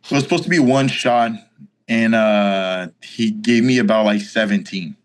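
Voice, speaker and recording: Brazilian guy in his 20s, portuguese his first language, lowish voice, casual storytelling, says "like" a lot. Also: moderate pace. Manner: animated retelling, acting out quoted dialogue, frequent "like". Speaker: interview guest.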